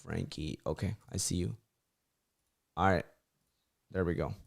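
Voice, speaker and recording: A man's voice: low-pitched, unhurried, gravelly. A young man hosting a casual livestream, talking loosely with lots of "like" fillers and acting out his friends' voices when he tells stories. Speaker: channel host on a livestream.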